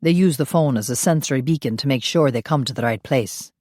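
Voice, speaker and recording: A woman voicing a centuries-old male vampire, speaking in a calm, reassuring, lowered voice. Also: fairly quick, no echo, studio quality. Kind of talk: audiobook character voice.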